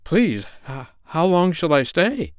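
Man putting on a timid scarecrow, high pleading voice, storybook reading, smooth clear tone. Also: sing-song, slow pace, no echo, studio quality. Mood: anxious. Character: forlorn male scarecrow, timid and eager.

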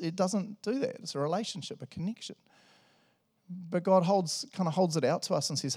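Animated New pastor preaching. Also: male voice, a little high, brisk. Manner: animated, jokey, swings between loud and soft. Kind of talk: sermon. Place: church service.

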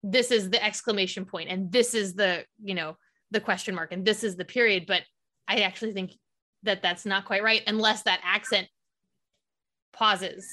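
Woman podcast host, bright and crisp tone, upbeat and encouraging. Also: mid-range voice, steady tone, normal speed. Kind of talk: casual podcast interview.

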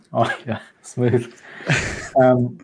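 A man's voice: mid-range voice, flat delivery, drawn-out words, dark tone, slightly rough. A young man playing a tabletop game, hesitant and full of ums, with a joking streak. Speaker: player.

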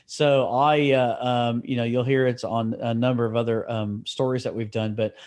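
Playful man from Oklahoma, mid-pitched voice. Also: flat delivery, moderate pace, darkish tone. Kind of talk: casual chat.

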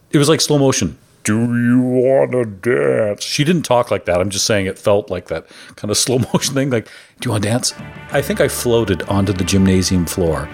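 A man co-hosting a casual podcast, telling stories with lots of swearing. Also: mid-range voice. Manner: animated storyteller, swears freely. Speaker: podcast co-host.

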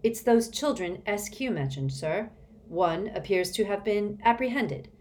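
A woman's voice: medium pitch, expressive, a little slow, darkish tone, a little hiss or hum, lightly acted. A woman voicing a brave, clever boy who speaks politely and evenly.

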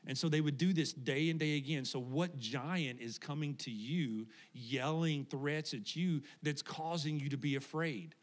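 A man in his thirties preaching a sermon to his congregation, telling family stories in a relaxed, conversational way with frequent laughs. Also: a little high, a little slow, hardly any pauses. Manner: conversational, animated storytelling with laughs. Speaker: pastor. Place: church sanctuary before congregation.

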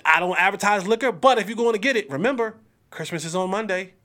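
Male sports podcast host, high-pitched, casual trash talk, big drawn-out exclamations. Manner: animated, trash-talking, slangy.

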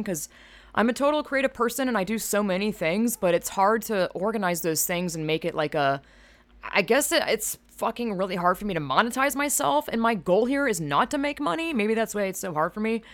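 A woman from Georgia rambles through her solo podcast, swearing freely and poking fun at herself. Her voice sits low with a gravelly fry. She gets animated and loud as she talks. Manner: rambling, profane, self-mocking. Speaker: podcast host. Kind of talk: casual solo podcast monologue.

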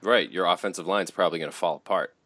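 A low-voiced man trades opinions on a casual sports podcast, animated and salty, breaking into laughs. His voice sits close and dry, with no room around it. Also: fast talker, no echo. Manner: animated, profane, laughs often. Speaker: podcast co-host.

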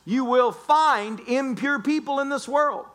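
A man's voice: extremely high pitch, a little slow, a bit bright. A man preaching a sermon as a pastor, joking and playfully telling stories to the congregation. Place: church sanctuary.

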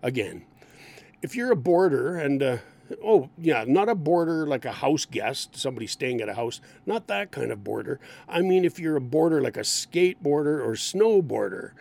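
A man explaining English expressions in a lesson. His voice is gravelly and sits a little high for a man. He swings his pitch widely and acts out lively example lines. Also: normal speed. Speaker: English teacher.

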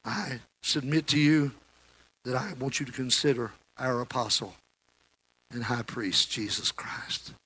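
A male preacher, delivering a sermon with sudden loud rises that drop back low. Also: unhurried, slightly rough, dry recording. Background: music playing.

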